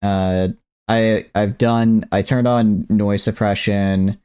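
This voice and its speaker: A man's voice: on the low side, fairly even intonation, slow pace, darkish tone, clean tone. A man hosting a live stream, chatting casually in a playful, teasing way with frequent restarts. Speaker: streamer and host.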